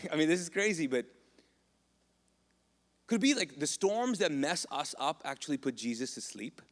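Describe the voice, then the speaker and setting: A man's voice: on the high side, lively intonation, normal speed, in a large hall. A man preaching a sermon as a pastor, casual and joking with lots of asides. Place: church auditorium.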